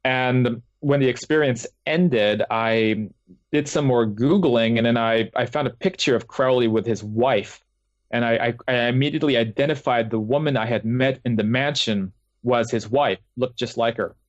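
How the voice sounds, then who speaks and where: Speaking at a moderate pace in a mid-range voice without echo, a man who is a guest author tells of his experiences during a casual interview. His delivery rambles, packed with fillers and restarts, and the recording is dull, dry, lo-fi call audio.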